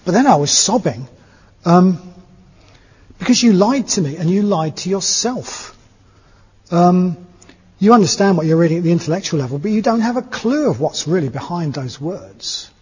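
A man's voice: high voice, expressive, normal speed, a little mellow, breathy edge, exaggerated voice. A man voicing a blunt, scolding old hag spirit in a told story. It is recorded in an echoey hall with dull, lo-fi sound.

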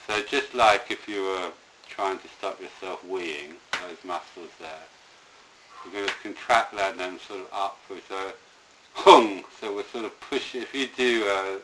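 Low-voiced meditation teacher. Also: male voice, normal speed, pushed and bright, slight background noise, low-quality recording. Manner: rambling, hesitant, with many restarts. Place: indoor room with a live group.

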